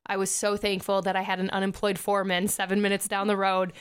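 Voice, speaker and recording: A woman's voice: medium pitch, fast talker, clean tone. A young adult woman hosting a podcast, telling a personal dating story in a confessional way and acting out what others said. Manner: confessional, animated quoting of others. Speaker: podcast host. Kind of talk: candid storytelling chat.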